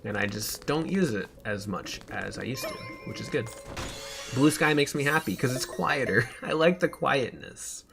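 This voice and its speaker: A man's voice: mid-range voice, animated, moderate pace, vocal fry, over music. Chatty young male streamer. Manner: rambling, chatty, laughs often. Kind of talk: casual chat while playing a game.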